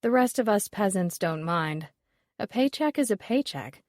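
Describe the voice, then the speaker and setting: A woman narrator voices a blunt, world-weary woman appraiser who brushes things off with dry dismissal. Her voice sits at an ordinary middle pitch and is recorded close and dry, with no room around it. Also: expressive, moderate pace, darkish tone, no echo, lightly acted. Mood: dry, dismissive.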